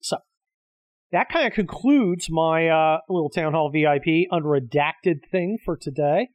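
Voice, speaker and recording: A man's voice: fairly high pitch, a little slow, no echo, dull audio. Middle-aged guy ranting to the camera, cussing a lot, fed up, dry close sound. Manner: profane, combative, exasperated ranting. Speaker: host of his own show. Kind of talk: solo ranting monologue.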